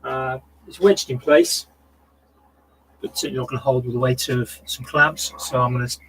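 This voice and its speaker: A man's voice: mid-range voice, steady tone, normal speed, fairly bright tone, husky, rough recording. Chatty man talking while he works. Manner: chatty, thinks aloud, talks to viewers between tasks. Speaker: maker live-streaming from his workshop. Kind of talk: casual chat while working. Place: home workshop with a bench.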